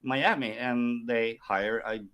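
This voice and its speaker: A man's voice: medium pitch, steady tone, slow, a bit bright, clear, resonant tone. A man speaking as a guest on a live stream, hesitant and full of "uh" and "um" fillers. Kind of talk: casual live-stream chat.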